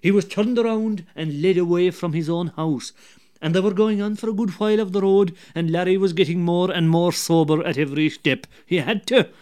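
A man with an Irish accent telling a folk tale, lively and dramatic, dropping to hushed asides. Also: high-pitched, fairly quick. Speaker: storyteller.

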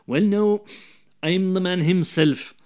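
A man with an Irish accent voicing a boastful devil who speaks quietly and with easy self-assurance. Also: sits high, takes it slowly. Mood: smug calm. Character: the devil, sly, boastful, unhurried.

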